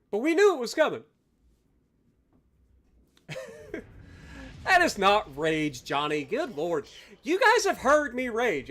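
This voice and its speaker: A high-pitched man streaming live gameplay. He rants loudly and with exasperation at his teammates, then drops into dry, sarcastic play-by-play. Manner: loud, exasperated ranting with sarcastic asides.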